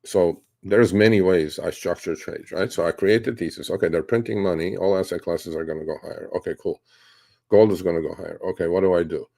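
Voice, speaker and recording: Man, very low voice, gravelly fry, blunt rambling host, casual live Q&A. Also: fairly even intonation, a little fast, dark tone. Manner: blunt, rambling, profane, mocks reckless traders. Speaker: host answering viewer questions on trading.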